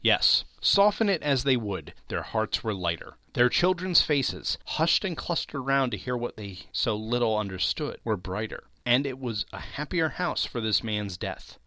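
A man giving a dramatic reading of a classic novel, telling the story with lively expression. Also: mid-range voice, no room sound. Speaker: reader.

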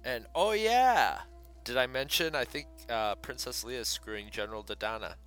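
Sex: man. Style: casual chat, co-hosting. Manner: rambling, filler-heavy storytelling. Tone: bright. Behind: faint music. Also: medium pitch, brisk, clear, resonant tone. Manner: rambling retelling with many fillers.

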